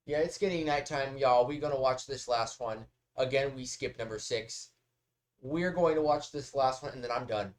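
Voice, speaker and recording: A man's voice: medium pitch, moderate pace. A man hosting a reaction video, talking casually in a rambling, talkative way and swearing often.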